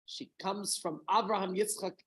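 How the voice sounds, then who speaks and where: A man's voice: sits high, steady tone, normal speed, slight background noise, poor audio. Rambling storytelling man. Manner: rambling storytelling with chatty asides and questions to listeners. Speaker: rabbi. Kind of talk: informal Torah talk to a small group.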